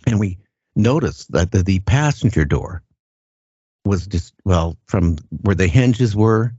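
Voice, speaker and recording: An older man telling his story in a halting, earnest way, often repeating words as he goes. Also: sits low, expressive, warm tone, husky, no echo. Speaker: guest recounting an encounter. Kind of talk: casual first-person storytelling. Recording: dull lo-fi sound.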